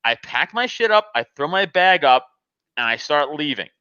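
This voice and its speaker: Lively high-voiced man telling a wild story. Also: moderate pace, smooth, no room sound, dull audio. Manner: animated, laughs often, acts out both sides of the argument. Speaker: podcast host telling a story. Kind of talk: casual storytelling with frequent laughter and swearing.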